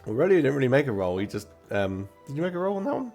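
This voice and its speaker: A man's voice: mid-range voice, big pitch swings, very fast, a little mellow, faint music behind. A man narrating a tabletop game as dungeon master, casual and rambling.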